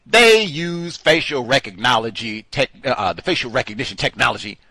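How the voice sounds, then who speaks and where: A male host giving an animated, mocking commentary monologue, slipping into put-on voices. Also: medium pitch, moderate pace, no echo.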